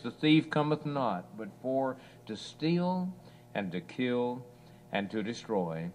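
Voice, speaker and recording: Slow, earnest male preacher. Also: medium pitch, slight background noise. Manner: slow, earnest, swelling on scripture quotes. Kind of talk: evening sermon. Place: church assembly.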